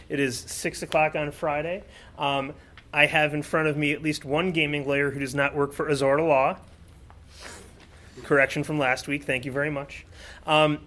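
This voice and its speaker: Bright-voiced man hosting a live podcast. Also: on the high side. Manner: chatty, upbeat, explaining. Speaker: podcast host. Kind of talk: live podcast talk at a convention. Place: convention seminar room before an audience.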